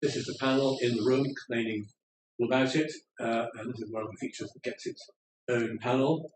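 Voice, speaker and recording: A man's voice: medium pitch, steady tone, brisk, background noise. Guy giving a slide talk, kinda wandering and wry, sounds off-mic in an echoey room. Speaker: lecturer. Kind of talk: public lecture with slides. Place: lecture room in an old house. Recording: roomy room, speaker far from the mic, faint ambience.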